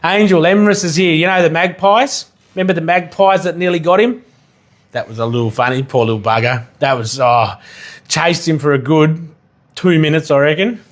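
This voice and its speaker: Rambling chef on a livestream. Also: male voice, on the high side, normal speed. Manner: rambling, swears casually, bursts into excited yelling. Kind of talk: casual livestream chat while cooking.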